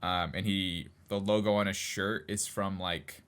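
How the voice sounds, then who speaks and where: A man's voice: deep voice, fairly even intonation, unhurried, a bit bright, clear, resonant tone. A man co-hosting a casual podcast chat, rambling with lots of fillers and frequent laughs. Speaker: podcast co-host.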